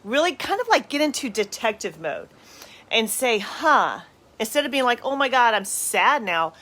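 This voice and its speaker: Bright-voiced chatty woman podcast host. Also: a little high. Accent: Southern US. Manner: chatty, conversational, with many fillers and restarts. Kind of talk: casual motivational chat to camera.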